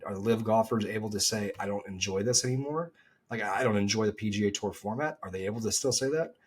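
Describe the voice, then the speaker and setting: A man with a husky, slightly low voice talks golf on a podcast. He rambles in an animated way and often restarts his sentences. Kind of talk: casual chat.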